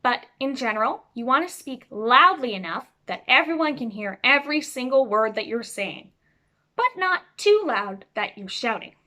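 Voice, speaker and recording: A woman teaching students over a video call, speaking clearly and expressively as she explains reading aloud. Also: on the high side, moderate pace. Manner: clear, expressive, demonstrates voices. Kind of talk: instructional talk to students.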